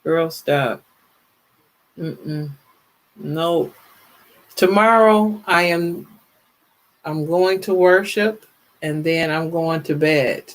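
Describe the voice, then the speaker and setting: This fifties-aged livestream host talks extremely slowly in a low voice, pausing often. She's tired and worn out but chatty and animated, laughing a lot, calling viewers "y'all" and reading their comments during a casual chat.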